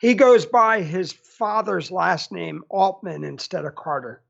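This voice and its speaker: A man hosting a podcast, talking casually and haltingly, often repeating his words. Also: high-pitched, expressive, gravelly, fairly bright tone. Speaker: podcast host. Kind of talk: casual interview chat. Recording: dull lo-fi audio.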